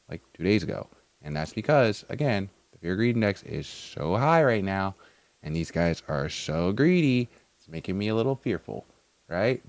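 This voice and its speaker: A man giving casual, animated crypto market commentary to his viewers, swinging between loud and soft. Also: on the low side, dry recording. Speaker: crypto YouTuber.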